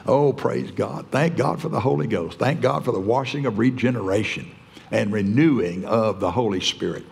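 Gravelly older man preaching in a hall. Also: mid-range voice, moderate pace. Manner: folksy storytelling, chuckling often. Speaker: pastor. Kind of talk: sermon. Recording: church hall reverb.

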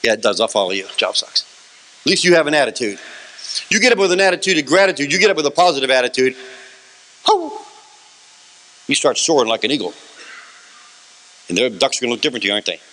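Animated man giving a bright motivational talk. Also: a little high, quick pace, long pauses. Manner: lively, asks the room questions and answers them. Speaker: motivational speaker. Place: room with a live audience.

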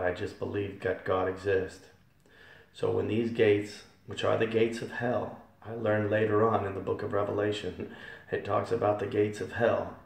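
Gravelly man giving a church testimony. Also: on the low side. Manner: fervent, repetitive, swells loud on key phrases. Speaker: testimony speaker. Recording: echoey hall from far off.

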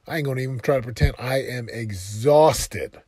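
A man delivers a motivational monologue with a husky, slightly breathy voice. He hammers his points home with emphatic repetition. The recording is dry and close, with no room sound. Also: mid-range voice, moderate pace, a little mellow, dry recording. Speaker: motivational podcast host.

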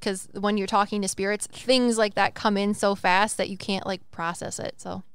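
A young woman co-hosting a casual podcast as a psychic medium, rambling and animated, swearing and acting out quotes in different voices. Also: mid-range voice, moderate pace, clean tone, dry recording.

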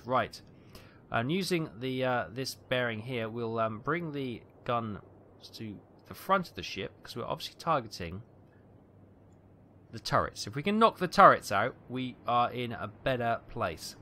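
Man, game commentary, chatty, explains as he plays, bright tone, medium pitch. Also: a little hiss or hum. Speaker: gaming channel host.

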